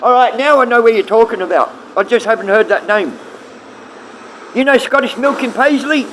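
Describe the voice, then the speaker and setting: A man's voice: very high-pitched, normal speed, fairly bright tone, slight background noise. A middle-aged man livestreaming, rambling and swearing casually as he answers his viewers.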